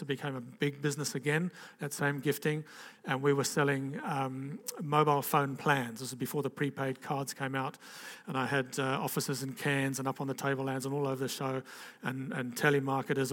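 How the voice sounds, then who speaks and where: An older man, telling his life story as a chatty, animated testimony. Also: fairly high pitch. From Africa. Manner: animated, chatty storytelling with lively quoted voices. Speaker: speaker giving testimony.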